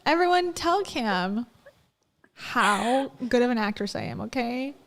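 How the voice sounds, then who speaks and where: A woman's voice: fairly high pitch, expressive, measured pace. A young woman co-hosting a casual chat, playful and teasing about herself. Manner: playful and self-mocking. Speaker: co-host.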